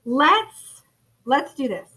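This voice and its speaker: A woman teaching young children phonics in a recorded lesson. Her voice sits high and sounds bright, and she talks slowly and warmly encouraging, addressing the kids as friends. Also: big pitch swings, low-quality recording. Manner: encouraging, calls listeners friends. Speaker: first grade phonics teacher.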